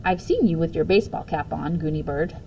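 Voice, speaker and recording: A woman's voice: low-pitched, fairly quick, warm tone, slight background noise, rough recording. Woman doing chirpy confident little schoolgirl. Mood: chatty. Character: confident quirky young schoolgirl.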